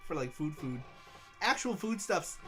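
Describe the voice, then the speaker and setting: A man's voice: on the high side, sing-song, takes it slowly, fairly bright tone, soft background music. Chatty male streamer reading chat. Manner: chatty, rambling, reads viewer messages aloud. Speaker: show host and streamer. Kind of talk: casual livestream chat.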